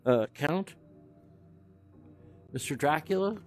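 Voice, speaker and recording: A man's voice: fairly high pitch, animated, takes it slowly, soft background music. A man giving casual, joking commentary as he walks through an old hotel, talking aloud to empty rooms, recorded on a camera mic while he moves. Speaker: cannabis podcast host touring a haunted hotel. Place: old hotel building, indoors.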